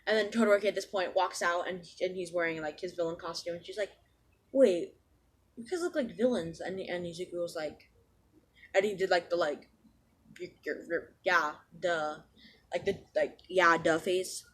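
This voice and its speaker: A woman's voice: fairly low pitch, steady tone, normal speed, a bit bright, husky. A woman casually retelling a fan story, rambling with lots of restarts.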